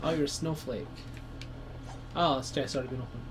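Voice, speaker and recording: A man with a Scottish accent giving excitable, sweary commentary while playing a video game with his brother. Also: medium pitch, a little fast, slight background noise. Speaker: let's play co-host. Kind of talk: casual gaming commentary.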